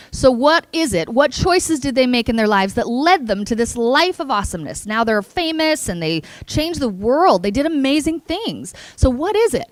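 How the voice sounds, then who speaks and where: A woman giving an energetic, playful motivational speech at a conference, engaging the audience. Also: a little high, dry recording. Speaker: keynote speaker. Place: conference hall.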